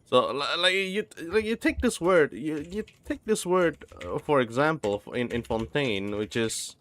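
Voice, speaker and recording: A man's voice: on the high side, lively intonation, a little slow, a bit bright. Rambling young man streaming a game. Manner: rambling, many restarts, sounding out words. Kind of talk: casual stream chat.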